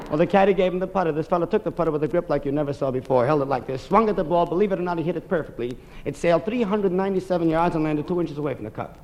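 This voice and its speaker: A man performing a stand-up comedy monologue, telling a long story briskly with deadpan asides. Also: fairly high pitch, some chatter behind, slight background noise.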